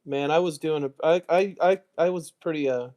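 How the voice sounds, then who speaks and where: A man's voice: a little high, moderate pace, darkish tone. An American man chatting casually on a live stream, muttering asides and mocking himself as he goes. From United States. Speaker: streamer, card collector.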